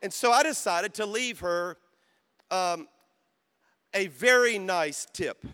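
A man preaching to a conference crowd, his high voice bright and forceful. He tells his story quietly and then builds to loud, rousing calls for praise. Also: slow pace, clear, resonant tone. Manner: storytelling, dropping to soft voice then rising to shouts. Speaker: pastor. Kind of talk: sermon. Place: conference hall.

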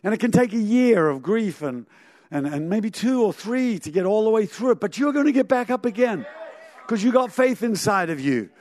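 A man's voice: sits high, lively intonation, normal speed, darkish tone, dry recording. A man preaching a sermon, telling a story animatedly with sound effects and chuckles.

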